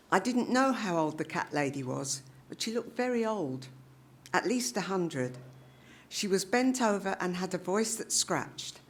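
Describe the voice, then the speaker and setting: A woman reading a children's short story aloud at a public reading, in an animated, expressive style with voiced characters. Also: lowish voice. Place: live literary reading event.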